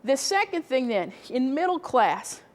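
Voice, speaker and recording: A woman leads a training session, walking through her points step by step and putting questions to the audience. Her voice sits high for a woman. The long reverb of a hall hangs behind her. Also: very animated, unhurried, a little mellow. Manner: explains step by step, asks the room questions. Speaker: workshop presenter. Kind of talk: training talk.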